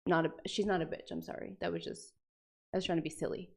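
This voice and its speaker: A young woman chats on her livestream, reading passages aloud and breaking off with animated, sweary jokes. Her talk is loose and casual, with quick reactions to the text. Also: lowish voice, vocal fry. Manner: animated, swearing, jokey asides. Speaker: streamer.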